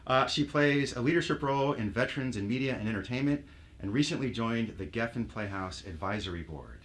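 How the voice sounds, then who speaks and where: A man's voice: medium pitch, expressive, a little fast, slight background noise. A man hosting a veterans' theater night, casual and teasing as he introduces performers. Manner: joking, teasing, emotional. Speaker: host. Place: theater stage with a live audience.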